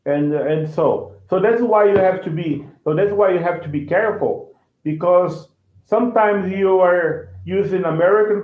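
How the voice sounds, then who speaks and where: Male teacher, slightly high-pitched, repetitive, on an echoey phone-quality line. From Brazil. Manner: repetitive, restarts phrases and checks with "right?". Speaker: language teacher. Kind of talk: casual online lesson.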